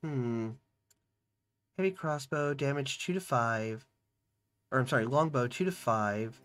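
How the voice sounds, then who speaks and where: Here the fantasy game narration is read dramatically in a mid-range, slightly bright voice. The streamer breaks between passages to talk casually and rapidly about the available choices.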